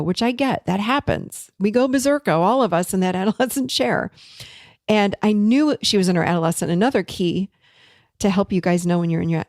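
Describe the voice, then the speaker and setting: A middle-aged woman therapist telling a client story in a casual teaching talk, animated and emphatic. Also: on the low side, dry recording, studio quality. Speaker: therapist and podcast host.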